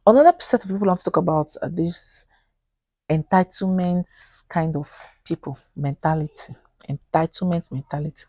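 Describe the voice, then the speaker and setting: A woman's voice: on the low side, moderate pace, breathy edge, dry recording. Earnest Nigerian woman vlogging. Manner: animated, acts out quoted voices in Pidgin; earnest and pleading. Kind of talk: casual talk to camera.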